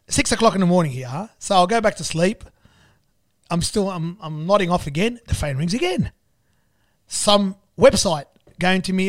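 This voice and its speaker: An Australian man, a business owner, telling a story in an animated, repetitive way and acting out the dialogue. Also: high-pitched, normal speed, long pauses, dry recording, studio quality. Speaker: business owner and club sponsor. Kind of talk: storytelling in conversation.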